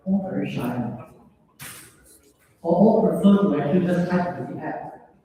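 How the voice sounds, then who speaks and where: A man's voice: fairly high pitch, expressive, a little slow, warm tone, a little hiss or hum. A man moderating a conference, making announcements in a reassuring way and stumbling a little on names. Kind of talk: event announcements. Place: large conference hall. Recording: echoey hall from far off.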